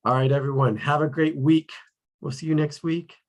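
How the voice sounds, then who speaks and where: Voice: medium pitch, flat delivery, moderate pace. A host wrapping up an online table-read show over a video call, upbeat and encouraging. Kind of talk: casual chat, wrapping up the show.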